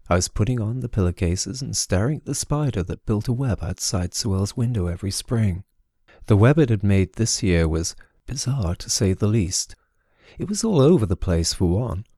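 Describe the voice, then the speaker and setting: A man reading a first-person story aloud in a wry, measured way. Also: lowish voice, darkish tone, no echo, clean studio sound. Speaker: narrator. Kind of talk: scripted audiobook narration.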